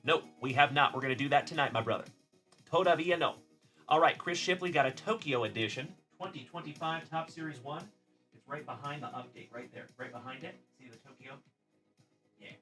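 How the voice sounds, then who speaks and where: A man's voice: fairly high pitch, sharp tone. A middle-aged man from South Texas hosting a casual card-breaking livestream, chatty and upbeat, greeting viewers by name.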